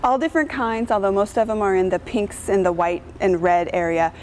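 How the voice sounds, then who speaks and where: A woman's voice: medium pitch, brisk, darkish tone, slight background noise. Woman with a middle voice explaining plant care step by step. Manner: practical, step-by-step instruction. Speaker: gardening expert guest. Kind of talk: interview answers.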